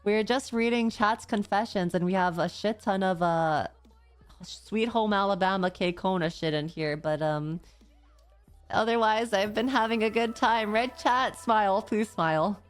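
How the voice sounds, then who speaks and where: A woman's voice: mid-range voice, unhurried, clean tone, soft background music. A woman streamer chatting casually and reading viewer confessions aloud, often stammering and swearing. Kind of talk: casual livestream chat, reading viewer messages.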